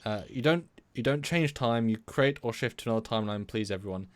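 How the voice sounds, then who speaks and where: A man from England co-hosting a live stream discussion, talking in an animated, rambling way with many restarts. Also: mid-range voice, fast. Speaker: co-host.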